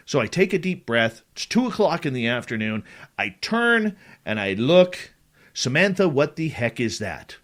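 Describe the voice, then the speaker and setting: Animated male storyteller with lively pitch. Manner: animated, dramatic retelling with quoted dialogue. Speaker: radio show host telling a personal story. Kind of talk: casual storytelling.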